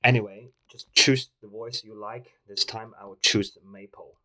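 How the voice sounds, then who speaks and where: Guy testing a voice assistant, kinda hesitant, bright sound. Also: fairly low pitch, fairly even intonation, normal speed, poor audio. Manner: hesitant, with many fillers. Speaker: tech reviewer host. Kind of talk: casual talk to a voice assistant.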